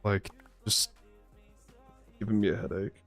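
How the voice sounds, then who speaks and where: A man with a lowish voice talks loosely over his gameplay. He wanders from one story to the next and swears freely. Soft music plays faintly behind him. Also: little pitch movement, a little slow, gravelly. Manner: rambling, profane, laid-back storyteller. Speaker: streamer playing a survival game. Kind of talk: casual gameplay chat and storytelling.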